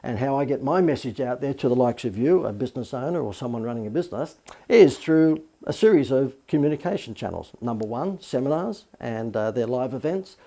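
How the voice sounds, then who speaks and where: In a casual spoken lesson on marketing, a middle-aged man who coaches in the field talks in a medium-pitched, mellow, expressive voice at a brisk pace. His manner is chatty, with many fillers and the occasional "okay?" thrown in.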